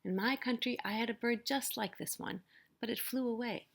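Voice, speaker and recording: A woman voicing an angry male landlord in a storybook read-aloud, shouting indignantly. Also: a little high, normal speed, creaky, pitched above the performer's own voice. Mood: mellowed. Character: angry bearded male landlord, later softened.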